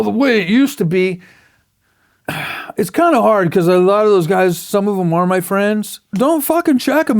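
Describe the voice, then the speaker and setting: A man's voice: high-pitched, vocal fry, dry recording, clean studio sound. A middle-aged man, a tattoo artist being interviewed, telling blunt, profane stories and acting out the quotes. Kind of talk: casual storytelling interview.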